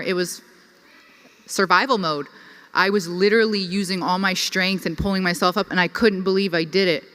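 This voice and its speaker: A woman's voice: mid-range voice, clear, resonant tone. A young woman telling a personal story to a conference audience, chatty and full of "like". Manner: lively, chatty, filler-heavy with frequent "like". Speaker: conference speaker. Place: conference hall. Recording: reverberant hall.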